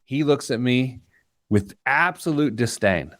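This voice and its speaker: A man's voice: mid-range voice, moderate pace, no room sound. A man hosting a podcast, telling stories and joking in casual chat. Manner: jokey, storytelling, animated. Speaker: podcast host.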